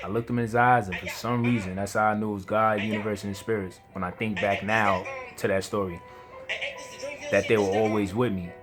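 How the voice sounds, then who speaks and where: A man's voice: on the low side, steady tone, a little fast. A young man telling a personal story in a slangy, rambling way, chuckling now and then. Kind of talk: casual storytelling. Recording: music playing behind.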